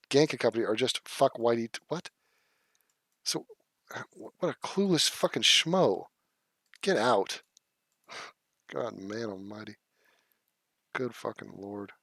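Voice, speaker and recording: A man's voice: medium pitch, normal speed, long pauses, a bit bright, dry recording. A man hosting a casual livestream, reading chat comments aloud and answering them in a blunt, profane, scoffing way. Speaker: livestream host.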